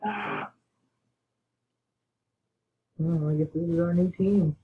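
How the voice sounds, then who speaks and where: Excitable gamer guy on a tinny mic. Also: fairly high pitch, slow pace. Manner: excitable, bursts into panicked yelling; mutters quiet asides under his breath. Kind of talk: gaming commentary. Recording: tinny phone-like mic with faint hiss.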